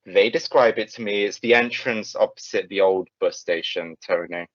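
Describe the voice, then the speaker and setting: A young man telling a casual anecdote in an animated way, swearing freely and often restarting his sentences. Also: on the low side, normal speed, dry recording. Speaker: storyteller. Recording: dull, lo-fi, dry sound.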